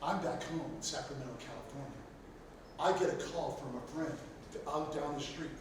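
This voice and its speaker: A middle-aged coach delivers a rousing pregame speech in a fairly high voice, jumping from shouted bursts to near-whispers. He is picked up from a distance, so his voice carries heavy echo. Steady background noise sits under his words. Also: moderate pace. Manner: animated storytelling, swinging from loud bursts to hushed lines. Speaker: football coach and guest speaker. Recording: echoey, distant mic, noisy.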